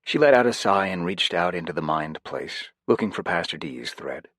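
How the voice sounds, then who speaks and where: Male audiobook narrator, lowish voice, lively intonation, dry close sound. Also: normal speed, no room sound. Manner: expressive, varied delivery.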